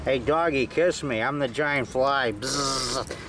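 A man's voice: medium pitch, takes it slowly, natural voice. A man putting on a goofy buzzing giant fly monster, talking to a dog outdoors. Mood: playful. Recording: distant outdoor recording with loud background noise.

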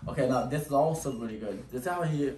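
A man's voice: mid-range voice, fast talker, darkish tone. A man working as a dog trainer, explaining to the owners while he trains, talking in short bursts that break off into commands to the dog. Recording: echoey room, distant mic, noisy background.

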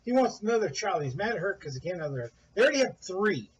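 A man casually telling a rambling story, animated, quoting others in a raised voice, with a husky voice. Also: sits high, quick pace, muffled recording. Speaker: guest recounting events.

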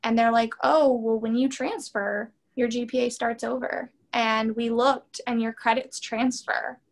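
An earnest woman in her thirties recounts her path as an interview guest, her voice sitting a little higher than most. She talks in a candid, animated flow, full of "like" and "you know". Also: unhurried. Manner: earnest and animated, many fillers. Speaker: interview guest, PhD student and therapist.

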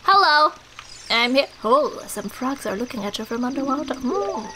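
Giggly high-voiced woman gaming. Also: very animated, normal speed, sharp tone, slight background noise, rough recording. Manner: goofy, crude and giggly. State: loopy. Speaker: let's player. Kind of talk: gameplay commentary. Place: small hot recording room. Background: game music.

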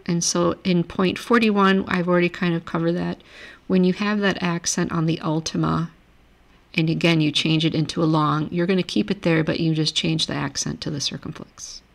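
Woman, lowish voice, gravelly fry, patient teacher, screen-share grammar lecture, desk mic. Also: fairly even intonation. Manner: patient, reads word lists aloud slowly. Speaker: language teacher.

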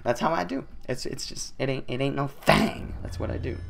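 A young man doing loud, joking let's-play commentary, his voice swinging high and low as he plays. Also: moderate pace, creaky. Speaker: gaming YouTuber.

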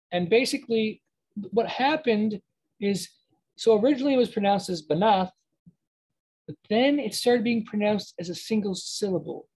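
Slow, husky-voiced woman teaching a language. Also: mid-range voice, darkish tone. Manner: explains slowly, repeats words to model pronunciation, self-corrects. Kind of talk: informal spoken lesson.

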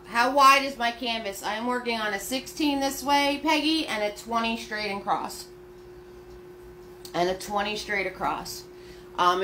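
A woman's voice: on the high side, bright, forceful tone, a little hiss or hum. A woman leading a live-streamed painting class, chatty and upbeat as she talks viewers through each step. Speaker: paint party instructor.

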